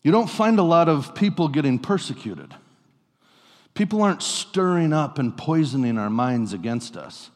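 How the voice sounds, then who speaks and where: A man preaching a sermon in a relaxed, conversational way, telling stories with playful asides to his congregation. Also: fairly high pitch, moderate pace. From US Pacific Northwest. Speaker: pastor. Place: church sanctuary. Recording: long reverb of a church hall.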